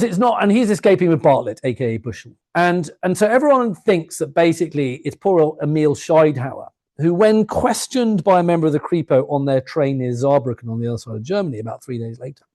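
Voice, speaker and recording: A man giving an evening history talk to a live audience in a museum, chatty and full of jokey asides. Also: on the high side. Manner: chatty, jokey asides, quick lively delivery. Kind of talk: public lecture with anecdotes. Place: museum lecture room before a live audience.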